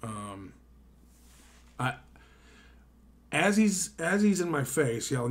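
A man's voice: medium pitch, slow pace, pauses often. Tired man telling a wild story. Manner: animated, swearing, mimics others. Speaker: streamer. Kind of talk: late-night casual storytelling.

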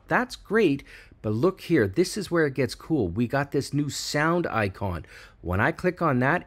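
Man, tech channel host, screen-recorded walkthrough, excited and chatty, very lively pitch. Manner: excited, chatty, hypes each feature.

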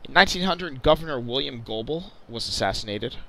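A man's voice: medium pitch, expressive, a little fast, gravelly, sharp tone, poor audio. Chatty young man narrating a sim flight. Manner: chatty, lots of uh fillers and restarts. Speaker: video host. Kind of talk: casual flight sim commentary.

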